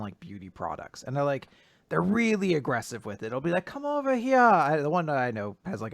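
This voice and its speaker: A man's voice: medium pitch, no echo. Dry-miked podcast guy telling stories. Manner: grieving but joking, self-deprecating storytelling. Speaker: podcast co-host. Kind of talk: casual podcast chat.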